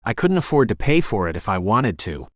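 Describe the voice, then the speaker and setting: A man narrating a romance audiobook in the first person, calm and even. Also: on the low side, brisk, dry recording, clean studio sound.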